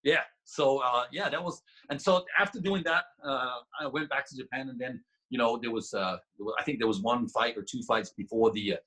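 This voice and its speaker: A man's voice: medium pitch, brisk, hardly any pauses, low-quality recording. A man guest on a podcast, telling a story casually with lots of restarts and laughter. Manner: animated, laughing, many restarts.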